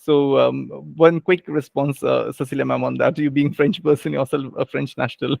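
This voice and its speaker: A man's voice: mid-range voice, flat delivery, moderate pace, vocal fry, a little mellow, no echo. A man hosting an online class over a video call, polite and encouraging with many fillers. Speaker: host. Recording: dry close mic.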